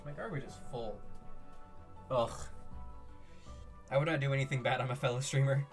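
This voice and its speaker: A man streaming live, chatting casually with his viewers in an excitable way, laughing often and firing off questions. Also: mid-range voice, moderate pace, pauses often, soft background music.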